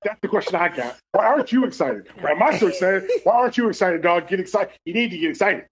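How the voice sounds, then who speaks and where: A man's voice: sits high, expressive, fast. A man co-hosting a casual podcast, ranting in a heated, profane and comically exaggerated way. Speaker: podcast co-host. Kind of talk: casual chat.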